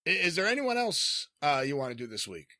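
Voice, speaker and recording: A man's voice: a little high, big pitch swings, a little fast, sharp tone, no echo. A man hosting a comedy podcast, dry and teasing with his guest. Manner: dry, teasing, often laughing. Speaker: podcast host.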